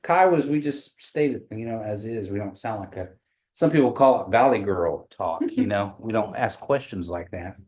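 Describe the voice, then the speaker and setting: Man, low voice, classroom language teacher, patient, repeats phrases slowly, small meeting room. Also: animated, a little mellow, rough recording. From Oklahoma.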